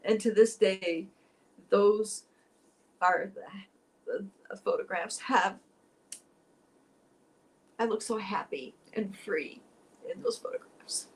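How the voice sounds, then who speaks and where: A woman's voice: mid-range voice, takes it slowly, long pauses, poor audio. Middle-aged woman teacher, emotional and rambling, gets teary, spiritual storytelling. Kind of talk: personal storytelling.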